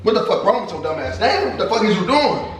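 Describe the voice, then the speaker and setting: A man's voice: sits high, sing-song, fast. A man ranting in a prank vlog, profane, stuttering and repeating himself. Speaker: vlogger, husband. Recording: echoey room, mic at a distance, music under it.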